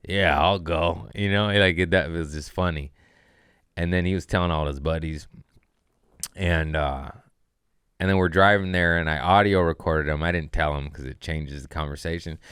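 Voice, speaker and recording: In a comedic podcast monologue, a man riffs casually, rants profanely with rising outbursts, and throws in self-mocking asides. His low voice is steady, a bit bright, and clean at a moderate pace, recorded dry with studio quality.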